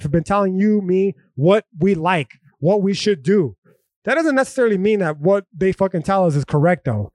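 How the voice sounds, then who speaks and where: A man's voice: fairly high pitch, darkish tone, dry recording. A young man hosting a philosophy podcast, talking in a profane, slangy, emphatic casual monologue. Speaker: podcast host.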